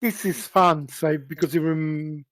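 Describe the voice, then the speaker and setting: A man on voice chat with a fairly high voice, joking easily with his raid mates. His sound is dry and close, with no room around it. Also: fairly even intonation, a little slow, no room sound. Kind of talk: casual voice chat.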